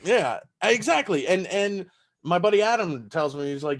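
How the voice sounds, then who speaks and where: With a high, expressive voice at a moderate pace, a Southern-accented comedian from Texas loosely chats on a podcast. He swears freely and laughs through his stories.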